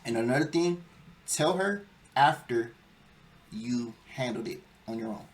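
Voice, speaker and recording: A man's voice: medium pitch, animated, measured pace. Emphatic young man lecturing casually. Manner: emphatic, lecturing, acts out quoted whining. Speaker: podcast host. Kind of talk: casual chat.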